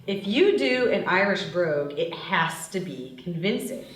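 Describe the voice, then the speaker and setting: A woman playing a blunt, bossy young woman who talks in a frank, sharp way. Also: fairly low pitch, lively intonation, measured pace. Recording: roomy, distant, faint hiss.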